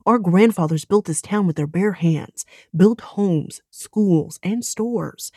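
A woman's voice: on the low side, slow, a little mellow, no room sound, clean studio sound. A woman voicing a stubborn young man who is defiant and indignant about his hometown, in a storybook reading.

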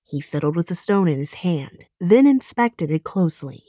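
A woman reading an audiobook in calm, measured narration. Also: lowish voice, no room sound, clean studio sound.

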